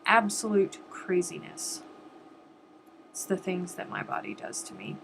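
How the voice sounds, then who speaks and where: A woman's voice: mid-range voice, animated, unhurried, gravelly, pauses often, a bit bright, a little hiss or hum, poor audio. A woman hosting a crochet live stream, chatting casually and directly to viewers, with a sniffly, stuffed-up nose.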